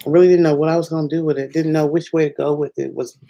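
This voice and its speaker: A woman chatting excitedly on her first livestream from home at night, rambling and laughing, with sudden bursts of squealing joy. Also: low-pitched, rapid-fire, vocal fry, low-quality recording. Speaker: filmmaker and singer doing her first livestream. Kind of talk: casual excited livestream chat.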